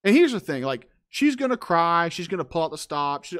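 A man's voice: sits high, normal speed, few pauses. A man co-hosting a casual talk show, reading a story aloud and mocking it with laughs. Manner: animated, mocking, laughs often. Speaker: podcast co-host reading a story. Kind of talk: casual commentary on a read-out story.

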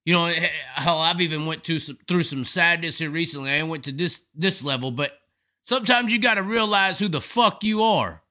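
A man's voice: a little high, fairly quick, sharp tone. A man hosting a live stream, delivering a profane, emphatic, rambling rant of commentary. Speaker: host.

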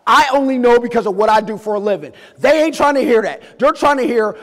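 Animated man speaking in an echoey hall. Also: extremely high pitch, brisk, hardly any pauses. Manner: animated storytelling, acts out voices, swings loud and quiet. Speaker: keynote speaker. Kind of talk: motivational talk to a live audience.

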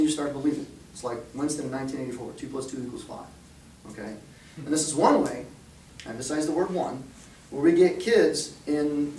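A man with a slightly high, darkish voice gives a conversational talk to parents and youth leaders in a church hall, often checking in with "okay?" and "right?". The hall is echoey and he's far from the mic, with slight background noise.

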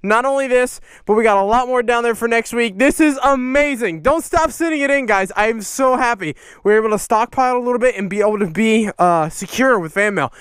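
High-pitched American man, goofy vlogger. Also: a little fast, few pauses, fairly bright tone, clean tone, no room sound. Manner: goofy, jumps into silly sung and high squeaky bits. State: out of breath. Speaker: YouTube host opening fan mail. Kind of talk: casual vlog chat.

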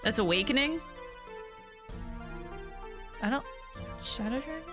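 A woman's voice: high-pitched, animated, a little slow. A woman from the United States giving giggly, rambling gameplay commentary while streaming. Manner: giggly, rambling, reads game text aloud. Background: game music.

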